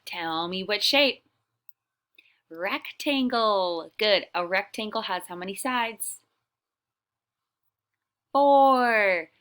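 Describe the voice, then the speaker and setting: A young adult woman teaching an online lesson to small children, speaking in a drawn-out, encouraging sing-song that often drops to a whisper. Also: lowish voice, pushed and bright. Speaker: preschool teacher.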